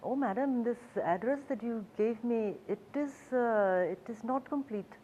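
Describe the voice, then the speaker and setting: A woman's voice: a little high, moderate pace, mellow, lo-fi sound, a little hiss or hum, pitched above the performer's own voice, natural voice. A woman putting on a pushy, over-polite rickshaw driver. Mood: apologetic. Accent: Hindi-influenced Indian English. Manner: over-polite, repeats "madam", reassuring.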